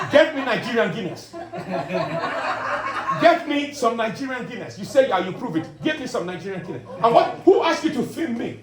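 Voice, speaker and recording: A man doing a pompous self-appointed African dictator, booming and boastful, his voice high and swooping wildly as he bosses the crowd. He is recorded from a distance in an echoey pub, with loud crowd laughter all around. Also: exaggerated voice. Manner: lectures and teases the audience. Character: bombastic self-styled male African dictator, middle-aged. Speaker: stand-up comedian. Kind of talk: character stand-up comedy. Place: pub gig room.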